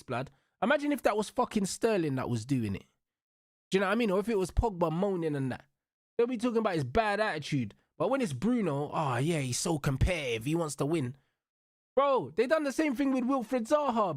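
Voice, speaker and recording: High, lively ranting man. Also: no room sound, studio quality. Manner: profane, slang-heavy, repeats tags like bro and blood. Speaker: football watch-along host. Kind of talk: heated football rant.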